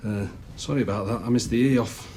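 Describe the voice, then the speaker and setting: A man's voice: mid-range voice, quick pace, dark tone, slight background noise, close to an everyday voice. An actor playing an awkward, joking man. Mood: jokey. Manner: bumbling, joking. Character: awkward, jokey man offering cake.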